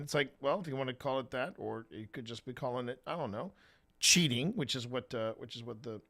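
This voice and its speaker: A man hosting a live stream, chatting casually in a rambling way and often clearing his throat. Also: mid-range voice, a bit bright. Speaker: streamer and host. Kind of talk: casual live-stream chat while gaming.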